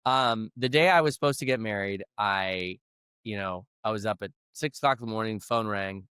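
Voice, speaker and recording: A man's voice: fairly low pitch, moderate pace, fairly bright tone, clean tone, no room sound, studio quality. A middle-aged man, a leadership coach, telling a personal story in an interview in an earnest, conversational way. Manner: earnest storyteller who acts out quoted dialogue.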